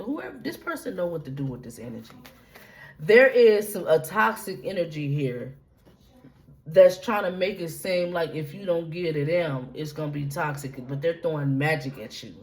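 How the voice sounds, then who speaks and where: A woman's voice: low-pitched, low-quality recording. A woman giving a casual tarot reading, talking straight to her viewers in a loose, repetitive, profane way. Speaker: tarot reader.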